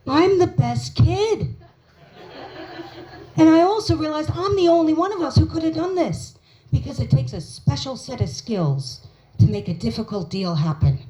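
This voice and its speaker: Lively American woman doing stand-up. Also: sits high, moderate pace, low-quality recording. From United States. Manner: animated storytelling, acting out her mother's lines. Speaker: stand-up comedian. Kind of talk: stand-up comedy set. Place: small pub comedy night.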